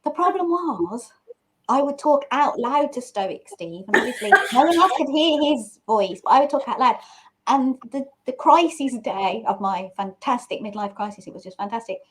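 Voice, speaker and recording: A middle-aged woman hosting a casual chat, playful and quick to laugh. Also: fairly high pitch, animated, slight background noise, poor audio. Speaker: host.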